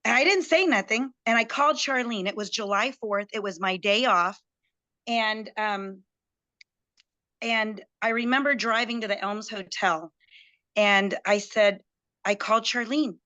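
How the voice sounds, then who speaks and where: A woman guest telling a personal story in an excited, chatty way, acting out what others said to her. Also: mid-range voice, measured pace. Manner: chatty, excitable, acts out quoted dialogue.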